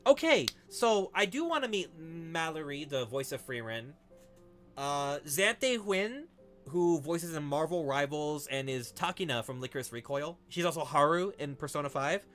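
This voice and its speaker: Young male streamer, animated and bright-toned, excitable, swears freely, casual chat with viewers. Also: a little high, normal speed, soft background music. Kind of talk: casual live-stream chat while drawing.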